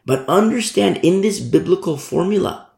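A man's voice: sits high, animated, normal speed, gravelly, darkish tone. A male pastor preaching a sermon, emphatic and repeating his key phrases. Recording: roomy echo.

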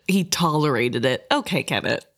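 A woman with a notably low voice discusses a novel in a casual podcast chat. She weighs each character's motives in a thoughtful, conversational way. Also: lively intonation, normal speed.

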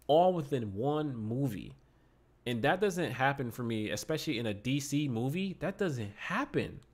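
A man co-hosting a podcast, chatting casually about a film, excitable and often repeating words as he goes. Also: medium pitch, normal speed. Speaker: podcast co-host. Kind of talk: casual movie review chat. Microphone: podcast microphone.

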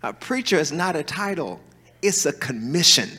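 Animated preacher man in a ringing hall. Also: a little high, moderate pace, husky. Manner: animated, folksy storytelling with call-and-response. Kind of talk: sermon. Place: large church hall. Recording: reverberant church hall.

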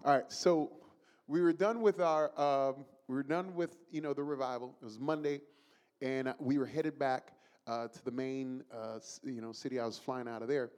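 A man from the Bronx, preaching a sermon as an animated storyteller who laughs through his own story. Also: medium pitch, moderate pace. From the Bronx, New York.

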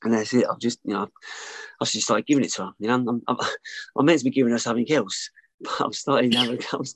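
Fast, gravelly man telling his story. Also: mid-range voice, steady tone, dry recording, rough recording. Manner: rambling, swearing, repeats himself. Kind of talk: candid personal storytelling.

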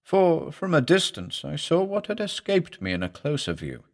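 A man narrating a horror story for an audiobook in a grave, measured, dramatic way. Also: a little high, big pitch swings.

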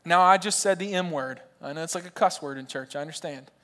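A man's voice: a little high, fast, bright, forceful tone. A young man in his twenties preaching a sermon in a large church, talking straight to the crowd with jokey asides. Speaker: pastor.

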